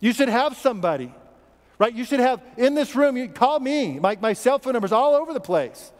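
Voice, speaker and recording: A man's voice: very high-pitched, very animated, moderate pace. A man preaching a sermon as pastor, in a conversational, repetitive way with questions to the congregation, in an American accent. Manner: conversational, repeats words, asks the congregation questions. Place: church sanctuary. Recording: long church reverb.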